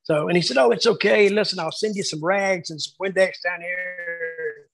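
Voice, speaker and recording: A man reminiscing casually about his years booking shows, telling lively anecdotes and acting out the quotes. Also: high voice, normal speed, vocal fry, dry recording, rough recording. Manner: animated storyteller acting out quotes. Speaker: wrestling booker telling stories.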